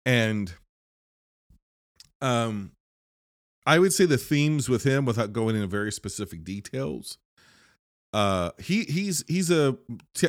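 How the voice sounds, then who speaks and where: A man's voice: fairly low pitch, no echo, studio quality. A man casually recapping a horror movie plot, rambling and leaning on fillers like "like". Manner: rambling, filler-heavy, lots of "like". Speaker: film reviewer.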